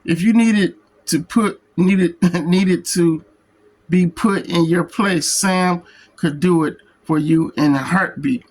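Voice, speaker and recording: A man's voice: high voice, a little mellow, rough recording. A man reviewing a comic book who reads its printed text aloud, stumbling and restarting on words. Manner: slow, halting reading that stumbles and restarts on words. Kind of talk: reading a book's text aloud.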